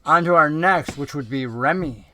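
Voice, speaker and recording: A man's voice: a little high, moderate pace, sharp tone, a little hiss or hum. A man narrating as dungeon master in a tabletop game, describing scenes in a casual way with many fillers.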